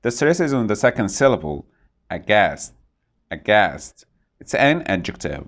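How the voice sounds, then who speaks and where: A man teaching English vocabulary, saying each word slowly and repeating it to model pronunciation. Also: mid-range voice, sing-song. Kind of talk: vocabulary lesson.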